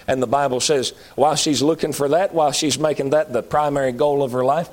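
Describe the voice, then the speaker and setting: A man preaching a sermon, moving between loud high-pitched calls and low pleading appeals. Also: steady tone, fairly quick, hardly any pauses.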